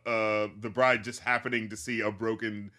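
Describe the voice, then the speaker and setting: A man's voice: on the low side, little pitch movement, a little fast, pushed and bright. A man co-hosting a podcast, chatting casually about a film, rambling with lots of fillers and swearing. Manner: rambling, profane, many fillers. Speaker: podcast co-host.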